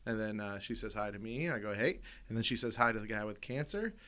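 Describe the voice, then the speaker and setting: A man's voice: lowish voice, expressive, fast talker, sharp tone. A man with an American accent co-hosting a comedy podcast, telling profane stories and laughing through them. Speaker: podcast co-host. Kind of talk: casual storytelling.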